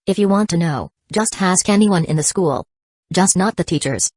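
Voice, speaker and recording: A woman reading a blunt grown female teacher from a storybook, low-voiced and even. The sound is dry and close. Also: moderate pace, breathy edge, no room sound. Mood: matter-of-fact.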